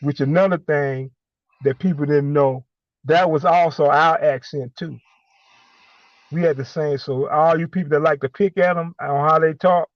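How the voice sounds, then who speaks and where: A man calling in and speaking emphatically in a preachy way, halting with many fillers between points. The audio is a dull, lo-fi call line. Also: on the high side, no echo. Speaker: caller. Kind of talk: impassioned call-in monologue.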